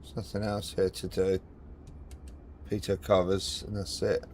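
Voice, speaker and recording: A man's voice: low-pitched, little pitch movement, a little slow, a little mellow, a little hiss or hum. A man streaming a flight simulator, chatting casually and muttering in frustration at his plane. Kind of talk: casual live-stream commentary.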